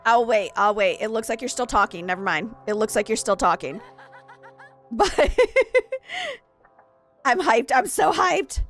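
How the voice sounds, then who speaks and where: A woman's voice: fairly high pitch, expressive, measured pace, pauses often, a bit bright, soft background music. Giggly, flustered woman streamer. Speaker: streamer hosting a game party. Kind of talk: casual live-stream chat.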